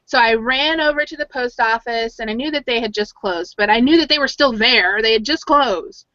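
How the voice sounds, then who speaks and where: A woman's voice: a little high, normal speed, sharp tone, no echo. A woman co-hosting a casual chat, telling stories and acting out the voices of people she quotes. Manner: chatty storyteller, acts out quoted voices. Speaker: podcast co-host. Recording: dull lo-fi audio.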